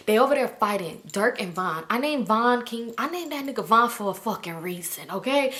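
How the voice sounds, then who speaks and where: A woman casually telling a dramatic story from her own life, acting out what everyone said and swearing freely. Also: a little fast. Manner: animated, acts out quotes in high voices, swears freely. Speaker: storytime vlogger.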